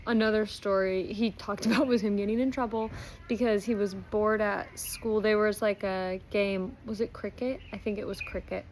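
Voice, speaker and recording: A woman's voice: mid-range voice, steady tone, normal speed, a little mellow, a little hiss or hum, rough recording. Chatty woman reviewing a book. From not Australian. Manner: chatty retelling with frequent ums and likes. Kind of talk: casual book review chat.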